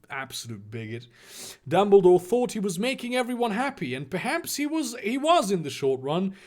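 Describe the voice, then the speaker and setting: A man reading fan fiction aloud with sarcastic, swearing asides. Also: high voice. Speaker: reader.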